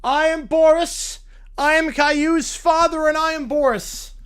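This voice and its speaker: A synthetic male voice playing a strict cartoon father who speaks slowly and formally. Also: very high-pitched. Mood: solemn. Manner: slow, flat, formal. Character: stern cartoon father, solemn and repetitive.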